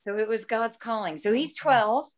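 A woman's voice: on the high side, normal speed. A woman chatting in a bubbly, talkative way on a video call and laughing often. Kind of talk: casual video-call chat.

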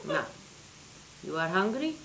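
A woman's voice: mid-range voice, big pitch swings, measured pace. A woman voicing a tiny old Hungarian grandmother who speaks blunt, broken English with a thick Hungarian accent, on a theater stage. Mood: stern. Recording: loud background noise, live theater.

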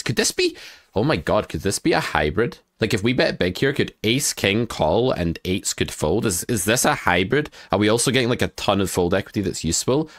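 A man hosting a casual poker hand review, joking and thinking out loud with excitement. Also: low voice, no echo, studio quality.

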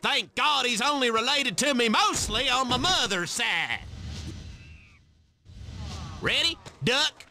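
An actor playing a loud, crude, hot-tempered hillbilly golfer in a video game, hollering in a twangy rural drawl. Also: male voice, very high-pitched, animated, slow pace, long pauses, soft background music, heavily acted. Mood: rowdy. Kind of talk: video game character lines.

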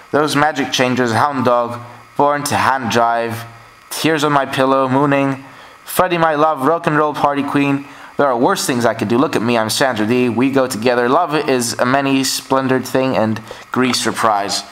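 A man's voice: medium pitch, fairly bright tone, low-quality recording. A man in a casual vlog, reading out track lists from his records in an offhand, shrugging way, recorded on a camera mic indoors at home. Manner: offhand, shrugs things off with "whatever". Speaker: vlogger showing record pickups.

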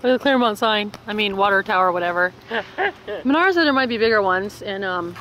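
A woman's voice: medium pitch, animated, quick pace, fairly bright tone, slight background noise. A woman vlogging with a handheld camera in a costume store, chatty and giggly, a little congested in the chest. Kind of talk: casual chat. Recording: crowded store chatter behind.

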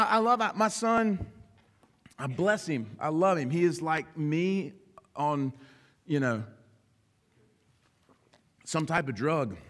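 A man delivers a sermon in a lively preaching manner, slipping into little voices for the people in his examples. His voice sits high for a man. The sound carries a long hall reverb. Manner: animated preaching, acting out dialogue. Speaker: pastor.

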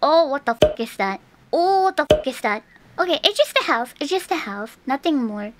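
Very high, lively young woman streamer. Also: normal speed, very noisy. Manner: jumpy, swings from whispers to shrieks; mixes in Japanese words. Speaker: streamer playing a horror game. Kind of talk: live gameplay commentary.

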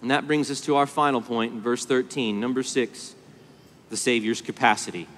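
A man preaching a sermon at a conference, swinging between hushed tenderness and loud, stirring emphasis. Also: medium pitch, fairly even intonation, normal speed. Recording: long hall reverb.

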